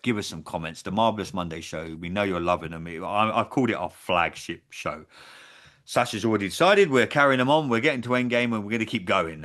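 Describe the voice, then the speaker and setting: Male podcast host, lower voice, casual and rambling, salty language. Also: a bit bright. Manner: chatty, rambling, swears casually.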